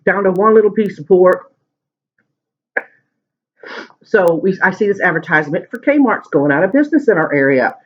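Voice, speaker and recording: A man with a fairly high voice talks casually while he eats, rambling through a story in a chatty way. The recording sounds muffled and lo-fi, like a home video. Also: animated, a little fast. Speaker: mukbang vlogger. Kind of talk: casual chat while eating. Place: at home at the dinner table.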